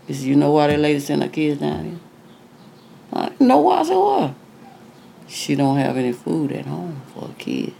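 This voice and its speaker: A woman's voice: low voice, expressive, a little fast, creaky, warm tone, slight background noise. An older woman, a retired singer, chatting in an interview and acting out voices from her stories, sprinkling in "you know". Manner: chatty, acts out quoted dialogue, frequent "you know". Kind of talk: casual storytelling interview.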